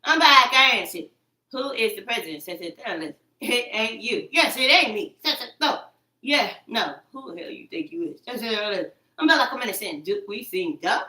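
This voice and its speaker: A woman's voice: on the high side, animated, normal speed, pushed and bright. Agitated rambling woman in an echoey room. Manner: agitated, repetitive, profane, quoting herself. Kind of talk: rambling livestream monologue. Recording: echoey room, far from the mic.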